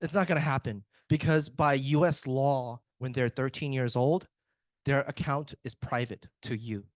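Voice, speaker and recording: A man's voice: medium pitch, fairly even intonation, moderate pace, no room sound. Man, IT presenter, casual joking delivery, mid-range voice, dry close sound. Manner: joking, chatty, self-interrupting with restarts. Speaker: IT speaker at a tech summit.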